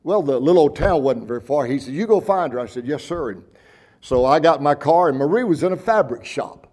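A man's voice: a little high, fairly quick. A man preaching a sermon, telling a story in a folksy, earnest way. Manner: folksy, earnest, repeats words when excited. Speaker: pastor.

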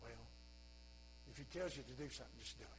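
A man's voice: medium pitch, background noise, voice pushed down, close to an everyday voice. A preacher voicing an impatient mother. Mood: resigned. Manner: pleading, nagging, hurried. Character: impatient middle-aged mother nudging her grown son.

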